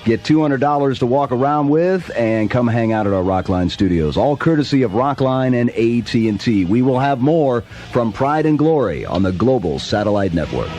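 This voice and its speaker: A man's voice: medium pitch, animated, normal speed, hardly any pauses, a little mellow, soft background music. A man hosting a radio call-in show, reading promos and introducing callers in an upbeat announcer style. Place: radio studio.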